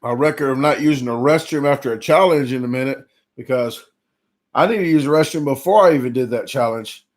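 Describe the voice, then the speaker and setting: A man's voice: mid-range voice, a little fast. Chatty man, full after eating. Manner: rambling, chatty, reads out viewer names; full and sluggish after a big eating challenge. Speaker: competitive eater streaming a live chat. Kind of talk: casual live-stream chat.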